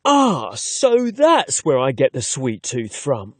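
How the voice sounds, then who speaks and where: A man's voice: medium pitch, wildly swooping pitch, slow pace, fairly bright tone, no echo, exaggerated voice. A man voicing a chatty, upbeat young man with a London accent in an audiobook. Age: young adult. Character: cheerful young London man, eager son.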